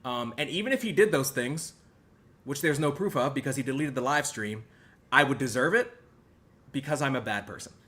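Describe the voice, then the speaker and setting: A young man with a bright, forceful voice hosts a podcast and piles on sarcastic, over-the-top apologies. His delivery lurches from loud protests to low mumbles. The contrition is plainly exaggerated. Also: expressive, moderate pace. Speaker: podcast host.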